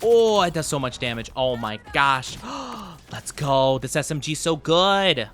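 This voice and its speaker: A chatty streamer talks casually through a game session and keeps laughing along with the chat. The voice is bright and very animated in pitch, with faint noise behind it. It is picked up by a desk microphone. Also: measured pace. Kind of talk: casual gameplay commentary.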